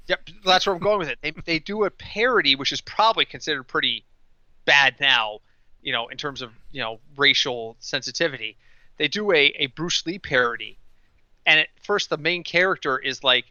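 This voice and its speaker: Casting: male podcast host, very bright and forward tone, dry dull mic, lively storyteller. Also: on the high side, brisk, dry recording. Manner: animated storyteller, mimics others in quoted voices. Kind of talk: casual podcast chat.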